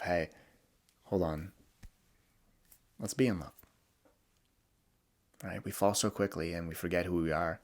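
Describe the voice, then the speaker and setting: A young man hosting a podcast, talking candidly and vulnerably in a reflective monologue, often halting and restarting. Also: low voice, fairly even intonation. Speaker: podcast host.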